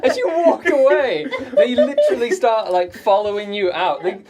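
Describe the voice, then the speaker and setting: A man's voice: high voice, big pitch swings, normal speed, crowd noise. A man running a tabletop game as dungeon master, hesitant, with many fillers, often laughing.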